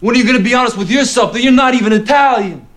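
A man's voice: very high-pitched, very fast, fairly bright tone. An actor playing a blunt, streetwise young man confronting his friend in a movie clip. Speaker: film character. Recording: movie clip with faint music.

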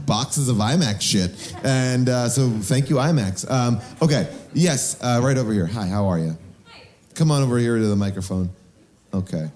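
A man's voice: mid-range voice, a little mellow. A man hosting a live podcast show, rambling and joking with the audience and using lots of filler words. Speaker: podcast host.

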